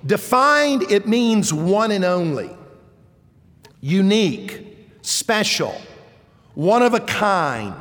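A man preaching a sermon to a congregation, deliberate and emphatic as he explains scripture. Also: sits high, sing-song, a bit bright, in a large hall. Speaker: pastor.

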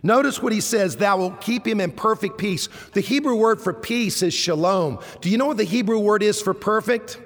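A man's voice: high-pitched, normal speed, few pauses, in a large hall. A man preaching a sermon to a congregation, asking rhetorical questions and rising into emphatic repeated words. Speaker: pastor.

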